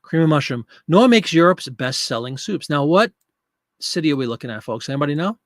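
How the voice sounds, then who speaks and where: A man's voice: on the high side, expressive, brisk, dry recording, clean studio sound. A man in his fifties hosting a live listing stream, chatting casually, joking and talking to viewers in chat.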